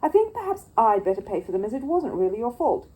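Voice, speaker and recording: A woman's voice: on the high side, sing-song, fast talker, poor audio. Woman voicing a kindly, courteous old shopkeeper. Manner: courteous and gently explaining. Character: kindly older male antique dealer, gentle.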